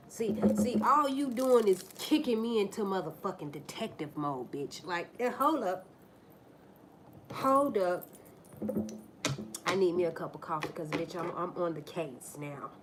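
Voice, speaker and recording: Casual woman livestream host, slow deliberate rant, cusses freely, repeats herself. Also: mid-range voice, expressive, background noise. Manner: blunt, profane, mocking storytelling; repeats herself and restarts lines.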